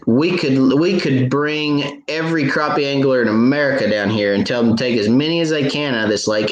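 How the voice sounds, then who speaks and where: A man's voice: mid-range voice, roomy sound, rough recording. A man hosting a live fishing Q&A, chatting casually and retelling stories with many fillers and restarts. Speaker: fishing show host answering viewer questions.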